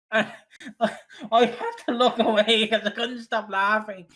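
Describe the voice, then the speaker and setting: A man's voice: high-pitched, little pitch movement, unhurried, bright, forceful tone. A man from Britain co-hosting a casual podcast, telling stories in a rambling way and laughing often. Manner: giggly, rambling storyteller. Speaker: podcast co-host. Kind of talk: casual chat.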